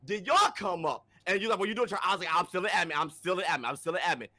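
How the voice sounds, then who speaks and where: Fast, bright-voiced defensive man. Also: high-pitched, lively intonation. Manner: insistent, defensive, repeats himself. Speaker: game player. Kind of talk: casual gaming chat.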